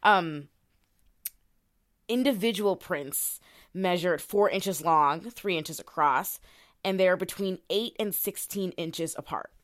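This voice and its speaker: A woman's voice: on the low side, takes it slowly, no room sound, studio quality. A young woman co-hosting a podcast, telling a story in a casual, swearing, filler-heavy way and reading quotes aloud. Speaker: podcast co-host.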